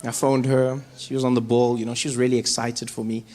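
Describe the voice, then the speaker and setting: A man doing stand-up comedy, telling a story with animated delivery and acting out other people's lines. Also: medium pitch, a little fast. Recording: hall reverb with audience noise.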